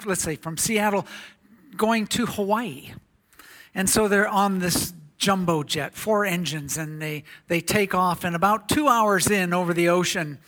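A man who is a visiting missionary, preaching a sermon in a church, telling a story and reading scripture in a soft-spoken way. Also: sits high.

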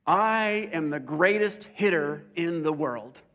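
A man's voice: on the high side, animated, slow, a bit bright. A man voicing a boastful little boy playing baseball alone, exclaiming his claims proudly.

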